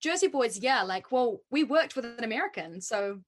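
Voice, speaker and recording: A woman's voice: a little high, lively intonation, moderate pace, loud music behind the voice. A young woman with a New Zealand accent, a musical theatre performer chatting as an interview guest, filling her talk with likes and ums. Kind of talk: casual interview chat.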